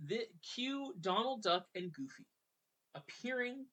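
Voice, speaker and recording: A podcast host walks through a video game's story in an easy, chatty retelling. The voice sits at a middle pitch, and the telling stays lively, with brief dips into character voices. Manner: chatty and animated, drops into quick character voices.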